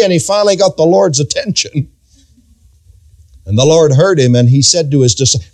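A man preaches briskly yet with long pauses, his voice a little mellow, recounting scripture in old-style biblical phrasing. He is dramatic and emphatic, his pitch sweeping widely.

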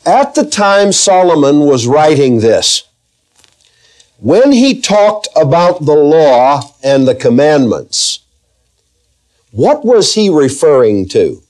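Male preacher, slightly high voice, emphatic Bible teaching, drawn-out scripture readings. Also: very animated, darkish tone. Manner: emphatic, slows to read scripture aloud; asks the congregation questions. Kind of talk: verse-by-verse Bible teaching sermon.

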